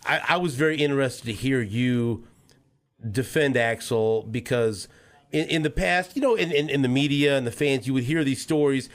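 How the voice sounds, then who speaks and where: A man in a mid-range voice hosts a podcast interview. He asks questions haltingly, circling back and restarting his phrases. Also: medium pitch.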